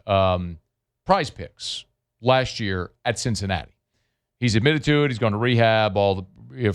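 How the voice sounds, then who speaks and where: Animated man hosting sports talk radio. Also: on the low side. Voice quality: animated, emphatic delivery that swings up and down. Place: radio studio.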